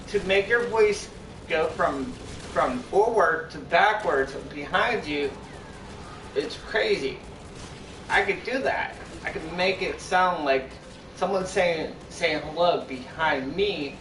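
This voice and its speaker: A man's voice: on the high side, a bit bright, a little hiss or hum. A young man live-streaming, chatting casually to his viewers in a rambling, repetitive way that keeps restarting its sentences. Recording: echoey room, far from mic.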